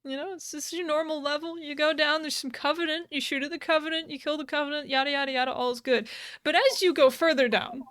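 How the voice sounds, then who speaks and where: A woman's voice: sits high, fairly even intonation, fast talker, a bit bright, dry recording, clean studio sound. A young woman co-hosting a podcast, retelling a game's story in a rambling, giggly way full of fillers and restarts. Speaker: podcast co-host. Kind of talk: casual chat, retelling a game's plot. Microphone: podcast microphone.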